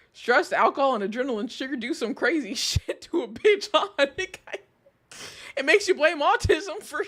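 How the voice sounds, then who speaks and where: A woman's voice: a little high, a bit bright. A young woman streaming, reacting to a video in a casual, incredulous way, laughing and swearing often.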